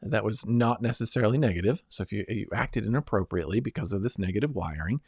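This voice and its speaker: A man's voice: fairly low pitch, quick pace, a little mellow, slightly rough, no echo, clean studio sound. A middle-aged man giving an earnest self-help lesson, coaching listeners step by step and often checking in with "right?" and "okay?". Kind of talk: instructional self-help talk.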